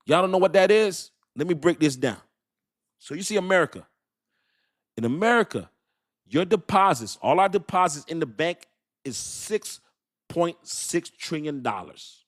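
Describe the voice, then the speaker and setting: A man hosting a live crypto commentary stream, talking emphatically and repeating his points to the viewers. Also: on the high side. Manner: emphatic, repetitive, talks straight to the viewers. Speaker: crypto channel host.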